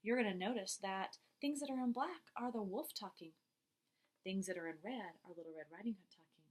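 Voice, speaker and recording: A woman's voice: mid-range voice, a little fast. A woman teaching a classroom reading lesson, encouraging the children and praising them often.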